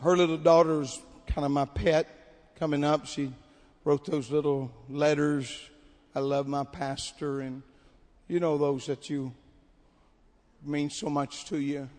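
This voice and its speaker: A pastor preaching a camp meeting sermon. He tells a story in a quiet, conversational way. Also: fairly high pitch, flat delivery, measured pace. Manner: builds to shouted preaching, then drops to quiet storytelling. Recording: long hall reverb.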